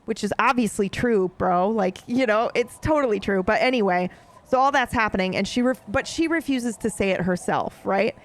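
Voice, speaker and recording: A woman streaming a game, chatting casually to her viewers in an excitable, profane way that is full of laughs. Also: mid-range voice, normal speed. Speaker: let's play streamer.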